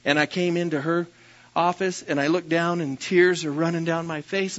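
A man preaching a sermon as pastor, telling personal stories with a self-deprecating manner and occasional loud bursts. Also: on the high side, steady tone, moderate pace, muffled recording.

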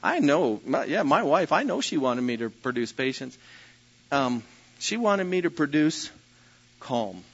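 A man preaching a sermon as pastor, telling personal stories with a self-deprecating manner and occasional loud bursts. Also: on the high side, sing-song, a little slow, breathy edge, dull audio.

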